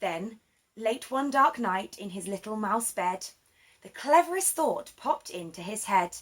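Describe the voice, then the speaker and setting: A woman reading a rhyming children's picture book aloud, with an expressive, sing-song delivery. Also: mid-range voice, measured pace. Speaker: children's story reader. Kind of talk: rhyming storybook read-aloud.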